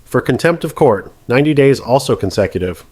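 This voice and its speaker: A man voicing a stern judge who speaks in a calm, measured, precise way. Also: mid-range voice, no room sound, voice pushed up, lightly acted. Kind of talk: scripted narration.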